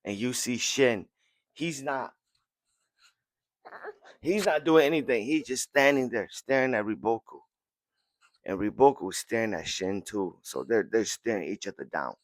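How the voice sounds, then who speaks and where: An excitable man recaps a comic chapter on his podcast, repeating words as he goes. His voice sits at a middling pitch for a man. The recording is dry and close. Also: measured pace, pauses often, dry recording. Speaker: podcast host.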